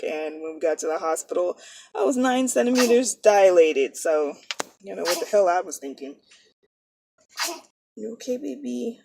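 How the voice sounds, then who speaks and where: A woman's voice: lowish voice, a little mellow, no room sound. A woman in her thirties, a nursing student, chatting casually and rambling, often correcting herself mid-sentence. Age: 30s. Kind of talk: casual chat.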